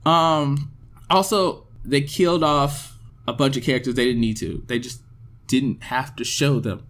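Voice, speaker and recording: A man's voice: medium pitch, steady tone, a little slow, a bit bright. A man co-hosting a casual podcast, ranting about movies with lots of fillers. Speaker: podcast co-host.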